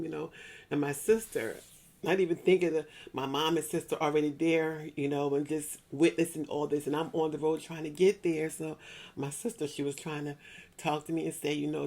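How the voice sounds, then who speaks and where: Middle-aged woman, gravelly timbre, earnest churchgoing testimony, repeats herself for emphasis. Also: sits low, flat delivery, brisk, dark tone. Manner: earnest and repetitive, often circling back to restate a point; spiritual, church-going tone. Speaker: speaker sharing a personal grief story. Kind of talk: heartfelt personal testimony.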